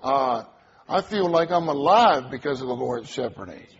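A man's voice: medium pitch, lively intonation, normal speed, breathy edge, highs cut off. A man preaching a sermon, earnest, repeating key phrases and drawing responses from the congregation.

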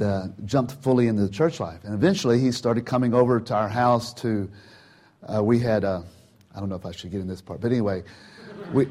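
An older man speaks to a church gathering in an informal, conversational way. He tells a story from his early days, breaks off and restarts his sentences often, and acts out what people said. His voice sits at an ordinary middle pitch. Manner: chatty and warm, acts out quotes, frequent "you know" and restarts. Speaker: church speaker telling a testimony.

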